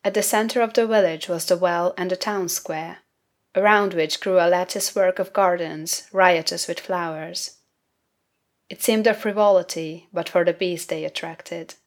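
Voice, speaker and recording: Lower-voiced woman narrating a novel. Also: fairly even intonation. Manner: measured, unhurried literary reading. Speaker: audiobook narrator. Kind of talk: scripted narration.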